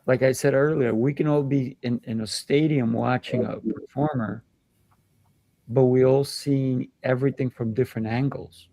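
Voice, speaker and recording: A man who teaches kung fu and hosts a talk show, telling lively anecdotes in a casual discussion. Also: medium pitch, normal speed, dry recording. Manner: animated, acts out children's voices in anecdotes. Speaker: kung fu instructor and show host.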